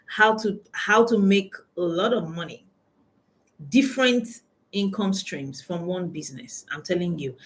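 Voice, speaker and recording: A woman's voice: medium pitch, low-quality recording. A woman with a Nigerian accent, a coach hosting a casual live stream from her phone, greeting viewers by name and laughing often.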